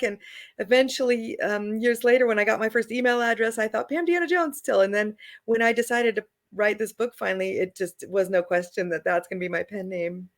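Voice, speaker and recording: A middle-aged woman with a fairly high voice, an author and traveler, tells stories in a relaxed interview. She's chatty, laughs a lot, and acts out the people she quotes.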